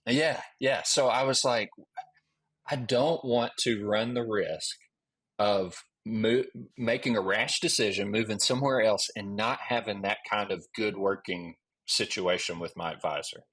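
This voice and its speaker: A man's voice: lowish voice, unhurried, a bit bright, slightly rough. A man in his thirties from Alabama with a Southern accent, a guest historian telling a long story with many restarts. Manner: rambling with many restarts and fillers. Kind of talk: casual storytelling interview.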